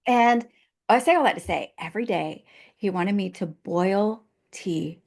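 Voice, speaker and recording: A woman hosting a podcast, her voice in a middle range. She tells personal stories in a lively, chatty way and often jumps in with quick, encouraging agreement. Her delivery is casual and conversational. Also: medium pitch, creaky. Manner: lively personal storytelling, frequent agreeing interjections. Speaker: podcast host.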